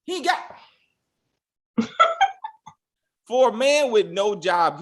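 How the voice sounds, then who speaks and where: Animated man ranting about TV. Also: sits high, a little slow, long pauses. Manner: animated, profane, exasperated ranting with mock quotes. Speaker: podcast co-host. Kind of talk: casual TV recap chat.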